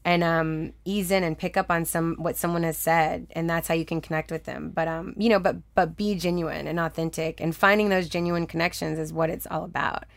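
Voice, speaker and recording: A lively young woman with a fairly low voice tells a personal story in relaxed conversation. She laughs often and slips into the voices of the people she quotes. The recording is dry and close, with no room sound. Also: fairly quick, vocal fry, few pauses, dry recording. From Texas. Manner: chatty, animated, laughs often, acts out quoted dialogue. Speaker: guest.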